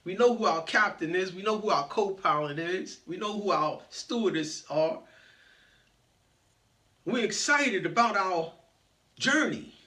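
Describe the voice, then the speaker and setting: Motivational speaker, man, slow storyteller with a bright, forceful voice, playful with the crowd. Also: sits high, lively intonation. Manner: playful, greets audience members by name. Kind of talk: storytelling speech to an audience.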